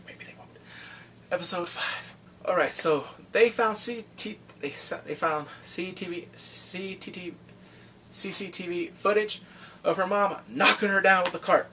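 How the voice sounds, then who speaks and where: Man, higher voice, very lively, casual recap, slightly distant mic, faint noise. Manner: animated, acts out reactions with whoops and exclamations. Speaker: drama reviewer.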